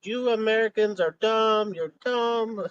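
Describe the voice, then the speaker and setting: A man putting on a mocking, pompous fake French character with a high, squeaky voice, in a loose live stream chat. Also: slow pace, smooth, no room sound, lo-fi sound. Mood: sneering.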